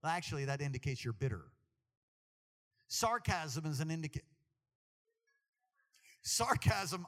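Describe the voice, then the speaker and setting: A man preaching a sermon to a congregation, animated and jokey, talking straight to the people in the church. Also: fairly high pitch, unhurried, pauses often, in a large hall. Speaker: pastor.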